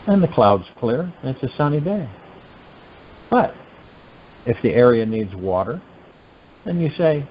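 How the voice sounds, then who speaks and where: A man hosting a meditation call, giving a spiritual teaching talk in an animated, musing way full of rhetorical questions. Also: mid-range voice, measured pace, pauses often, lo-fi sound, a little hiss or hum. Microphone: telephone conference line.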